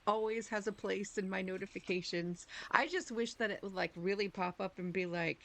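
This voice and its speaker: A woman's voice: mid-range voice, steady tone, normal speed, fairly bright tone, low-quality recording. A woman live-streaming a video game, chatting casually with viewers in a rambling, giggly, self-deprecating way.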